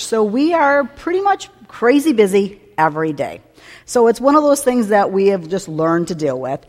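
A woman teaching a church message in a candid, chatty way, with many fillers and asides. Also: mid-range voice. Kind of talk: sermon. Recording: long reverb of a hall.

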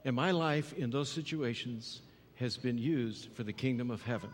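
A man's voice: mid-range voice, moderate pace, slight background noise. A man preaching a sermon in earnest, often repeating phrases and checking in with "right?". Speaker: pastor. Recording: long hall reverb.

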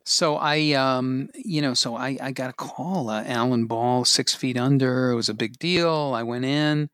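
Man, actor, wry, halting storytelling, mid-range voice, dry sound. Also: mid-range voice, a bit bright, smooth, no room sound. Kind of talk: casual chat.

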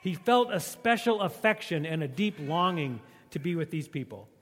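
A man's voice: a little high, animated, normal speed, in a large hall. A man preaching a sermon as a pastor, in a joking, conversational way.

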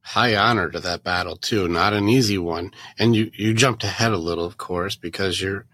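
A man's voice: deep voice, normal speed, a bit bright. A man hosting a podcast interview, talking emphatically and hammering his point home by repeating phrases. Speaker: podcast host.

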